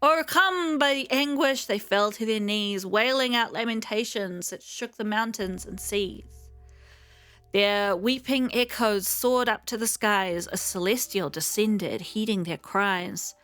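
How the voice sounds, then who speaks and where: A young woman hosts a let's play at an easy middle pitch, talking casually with plenty of ums and uhs. She reads the game's text aloud between her own remarks. Her voice is close and dry, with faint music underneath. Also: a little slow, a bit bright, no echo. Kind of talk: casual gameplay commentary.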